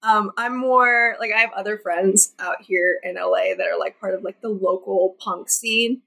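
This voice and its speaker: A woman's voice: medium pitch, moderate pace, creaky, pushed and bright, husky, rough recording. A young woman singer-songwriter chatting casually as an interview guest, with lots of "like" fillers. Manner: chatty, many "like" fillers, laughs often.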